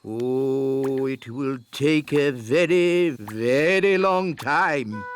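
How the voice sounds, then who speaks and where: An actor voicing a smug, self-important old male elf who talks slowly and lingers over his words. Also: mid-range voice, smooth. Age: older. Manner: slow, self-important, drawn-out. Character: wise old male elf, smug know-it-all builder.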